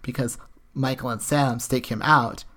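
A woman's voice: rumbling low, steady tone, a little slow, fairly bright tone. A woman co-hosting a podcast, casually recapping a TV episode with sarcastic, profane asides. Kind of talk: casual chat.

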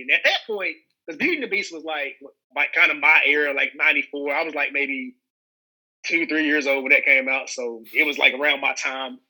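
A young Southern man with a slightly high, sharp-toned voice chats casually as an actor guest in an interview. The audio is poor, and he rambles, restarting often and dropping in lots of fillers.

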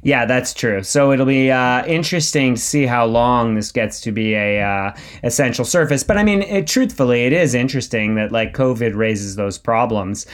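A man's voice: medium pitch, moderate pace, hardly any pauses. A man co-hosting a podcast in casual chat, joking and sarcastic, with lots of fillers and asides. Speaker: podcast co-host.

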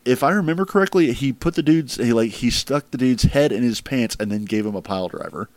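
A man's voice: mid-range voice, a little fast, a little mellow, no echo. A man hosting a casual podcast chat, rambling with lots of fillers. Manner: rambling, filler-heavy, laughs at crude jokes. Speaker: podcast host ranking wrestling matches.

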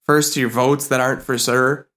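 A woman's voice: very deep voice, level tone, moderate pace, fairly bright tone. A woman co-hosting a satirical comedy podcast, phlegmy and giggly, with a mock-outraged way of talking. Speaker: podcast co-host.

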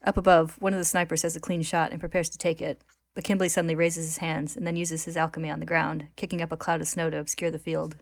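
A woman narrating a story recap in a steady, clear retelling. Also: sits low, fast, hardly any pauses, no room sound.

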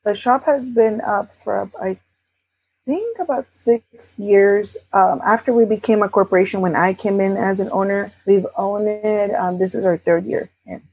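A woman co-owner of a repair shop telling a personal story as a podcast guest, candid and halting, often quoting others. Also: mid-range voice, a little mellow, slightly rough, poor audio. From California. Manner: candid, halting with restarts, quotes others in dialogue. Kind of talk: conversational storytelling.

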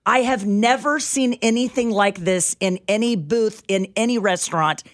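A woman's voice: mid-range voice, normal speed. A woman co-hosting a radio show, chatty and wry in morning banter.

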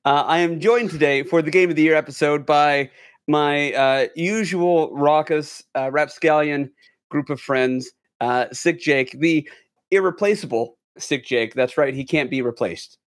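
A man with a slightly higher voice hosts a casual podcast among friends. He talks in a jokey, playful way, riffing as he introduces each guest. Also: a little slow, dry recording, studio quality. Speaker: podcast host. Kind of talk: casual chat.

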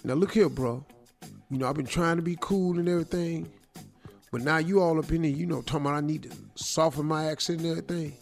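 A man's voice: a little high, fairly even intonation, quick pace, gravelly, faint music behind. A man doing a blunt, slangy 43-year-old manager. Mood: defiant. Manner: blunt, slangy, streetwise tough talk. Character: brash 43-year-old male manager confronting his older boss.

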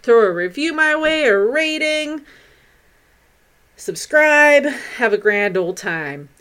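A woman's voice: high-pitched, very animated, slow, a bit bright, smooth. A woman hosting a paranormal podcast, giving a bubbly, giggly outro.

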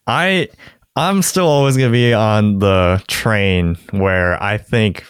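A man co-hosting a casual football podcast, relaxed and chatty, laughing often and filling with "like". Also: lowish voice, slow pace, smooth, no echo, clean studio sound. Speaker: podcast co-host. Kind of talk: casual sports chat.

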